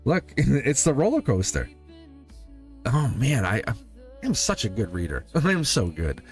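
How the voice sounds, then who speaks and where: A man's voice: mid-range voice, very animated, a little slow, soft background music. A man hosting a live tarot reading, playful and laughing often as he talks to his viewers. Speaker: tarot reader and live stream host.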